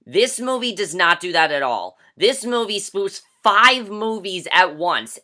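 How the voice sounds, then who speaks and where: A young man delivers a casual movie review as an emphatic rant. His voice is bright and edged. He repeats himself for emphasis and leans on "like" as a filler. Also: high-pitched. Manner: emphatic and exasperated, heavy use of "like".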